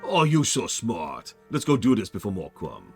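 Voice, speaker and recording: A man's voice: fairly low pitch, wildly swooping pitch, normal speed, over loud music. A man voicing a dim-witted male ogre who talks in broken grammar. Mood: boastful, dumb.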